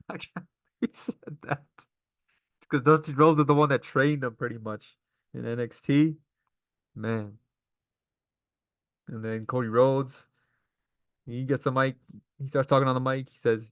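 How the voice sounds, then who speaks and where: A man's voice: mid-range voice, steady tone, moderate pace, long pauses, clear, resonant tone, no room sound, studio quality. A man giving a casual, enthusiastic recap of a wrestling show, laughing often.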